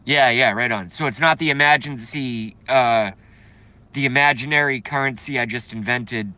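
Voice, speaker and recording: Bright-voiced man ranting on a livestream. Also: mid-range voice, normal speed, no echo. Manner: blunt, profane, chatty, reads viewer comments aloud. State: congested, coughing. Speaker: livestream host. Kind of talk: casual livestream rant.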